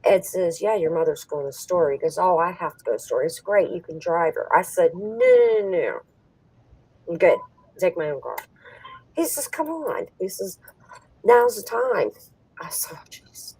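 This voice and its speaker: Chatty middle-aged woman, low and lively. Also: moderate pace, husky, no echo, recorded from a distance, poor audio. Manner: laughs often, chatty and animated when telling stories. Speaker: poker stream co-host. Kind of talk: casual storytelling chat.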